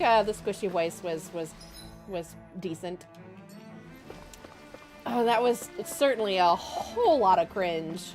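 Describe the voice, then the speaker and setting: Lively giggly woman streamer. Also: mid-range voice, slow pace, pauses often. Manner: giggly, self-mocking, reacting to chat. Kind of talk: casual game-stream chat. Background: game music.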